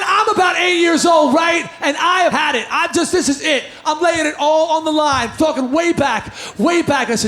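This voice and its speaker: A man fronting a band, telling a loud, energetic story to a crowd from a car show stage before a song, in an echoey live recording with music behind. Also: extremely high pitch, normal speed, a little hiss or hum.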